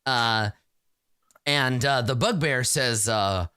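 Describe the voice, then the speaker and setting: A man narrating a tabletop game as game master, halting with many fillers. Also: mid-range voice, smooth, no echo, studio quality. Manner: lively, halting narration full of fillers, slips into character voices.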